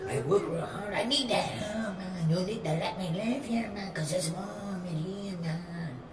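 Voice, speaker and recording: A man's voice: sits high, measured pace. A man voicing a broke, streetwise Chicano man who drawls slang and says "man" at every turn. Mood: complaining. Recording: roomy, distant, noisy room.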